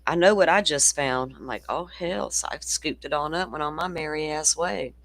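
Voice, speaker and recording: A woman's voice: low-pitched, normal speed, no echo. A woman with a Southern accent hosting a casual true-crime chat, blunt and salty, swearing freely. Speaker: host.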